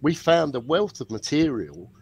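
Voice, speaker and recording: A British man, a guest author, chatting over a video call and telling anecdotes in a measured way. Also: on the high side, big pitch swings, darkish tone, breathy edge. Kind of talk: casual chat.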